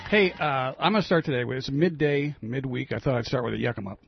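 A man's voice: mid-range voice, fast, creaky, over music. A man hosting a radio talk show, chatting loosely and telling a joke with a self-deprecating manner on a dull, lo-fi broadcast.

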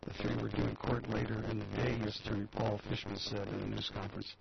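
A gravelly, somewhat low-voiced man talks his way through the news in a loose, rambling way, reading items aloud and drifting into personal asides. The recording is dull and lo-fi, with a loud hiss running underneath. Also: level tone, quick pace. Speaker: talk show host. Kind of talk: casual news commentary.

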